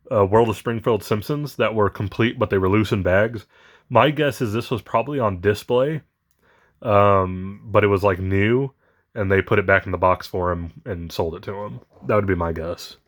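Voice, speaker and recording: A man's voice: on the low side, fairly bright tone. A man chatting casually while unboxing collectible toys, rambling with many fillers, his voice shaky with emotion. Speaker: toy collector vlogger.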